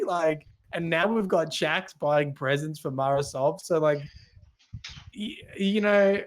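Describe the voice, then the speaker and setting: An Australian man chats loosely on a gaming podcast, trailing off and restarting his sentences. His voice sits a little higher than most men's. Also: slow. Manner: rambling, many restarts and fillers. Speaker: podcast co-host. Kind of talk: casual gaming podcast chat.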